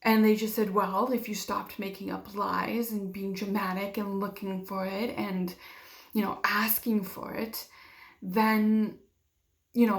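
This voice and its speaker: A young woman telling a personal story in a vlog, emotional and acting out what others said to her. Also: mid-range voice. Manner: emotional, acts out quoted dialogue, many fillers. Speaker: vlogger. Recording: roomy echo.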